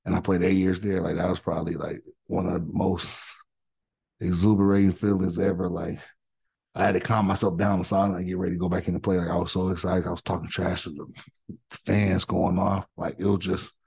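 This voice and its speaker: Middle-aged guy with a low gravelly husky voice, hyped up telling football stories on a podcast. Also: fairly quick. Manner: animated, excitable storytelling with slang. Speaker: podcast guest, former NFL offensive tackle. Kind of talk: casual storytelling.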